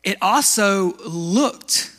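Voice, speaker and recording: Bright-voiced, high-pitched man preaching. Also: lively intonation, drawn-out words. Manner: conversational, asks the congregation questions. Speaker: pastor. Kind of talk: sermon.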